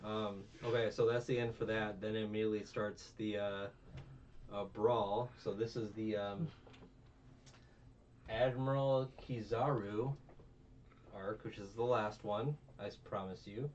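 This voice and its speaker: A man with a fairly low voice recaps an anime arc in loose, profane chat, getting louder when he gets worked up. He sits a bit back from a dull, lo-fi mic. Faint room noise hums underneath. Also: a little slow, recorded from a distance. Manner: rambling, profane, animated with put-on character voices. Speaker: anime reviewer host.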